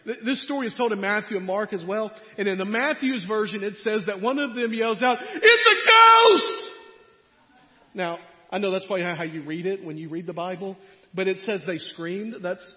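A man preaching a sermon in a conversational way, his voice swinging between loud and quiet. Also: high voice. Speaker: pastor. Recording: muffled sound in a reverberant hall.

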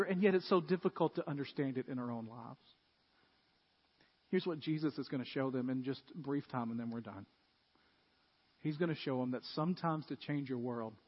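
A man preaching a sermon as pastor, telling stories and becoming animated as he retells a scene. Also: mid-range voice, moderate pace, pauses often, breathy edge. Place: church. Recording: dull, echoey church hall.

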